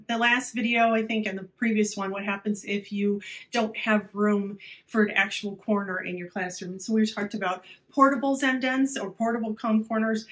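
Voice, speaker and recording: Woman, teacher type, casual how-to talk, easygoing with lots of "you know". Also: medium pitch. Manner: chatty, many fillers, drops to a quiet, hushed voice at times. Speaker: teacher giving classroom tips.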